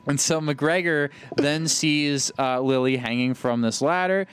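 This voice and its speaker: A man's voice: a little high, unhurried, fairly bright tone, clean tone. A man in his twenties casually retelling a film's plot on a podcast, rambling with many fillers and restarts. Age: 20s. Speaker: podcast co-host. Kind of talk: casual movie recap chat.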